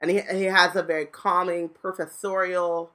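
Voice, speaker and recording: A woman's voice: lowish voice, level tone, moderate pace, bright, forceful tone. A woman in casual chat, answering with short reactions and playful slangy quips. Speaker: podcast co-host.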